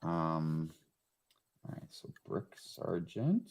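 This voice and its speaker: A man's voice: rumbling low, big pitch swings, slow pace, vocal fry, darkish tone. A man hosting a live-stream chat show, exclaiming and apologizing in a sing-song way as he runs a giveaway. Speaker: host.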